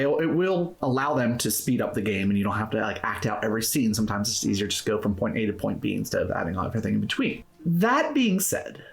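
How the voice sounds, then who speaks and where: A man hosting a tabletop roleplaying tips video, talking casually and encouragingly to camera in an upbeat, conversational way. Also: mid-range voice. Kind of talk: casual instructional talk to camera.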